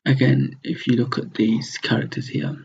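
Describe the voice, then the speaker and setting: A man's voice: medium pitch, steady tone, moderate pace, vocal fry, slightly rough. A man teaching a recorded slide lesson, explaining step by step and repeating words to model their pronunciation. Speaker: language teacher. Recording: dull lo-fi sound.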